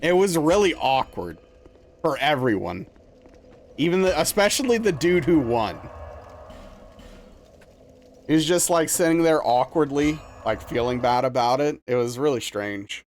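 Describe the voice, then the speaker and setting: A young man streaming a game live, telling a rambling story in a casual, animated way with lots of filler words. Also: fairly high pitch, measured pace, pauses often, slight background noise. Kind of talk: casual chat while playing a game live.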